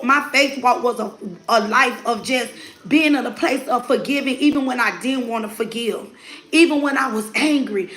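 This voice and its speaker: A woman's voice: sits high, bright, forceful tone, reverberant. A woman sharing a personal faith testimony in an earnest, preacher-like cadence, quoting scripture and laughing often as she talks. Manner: laughs often while speaking. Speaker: mother sharing her testimony.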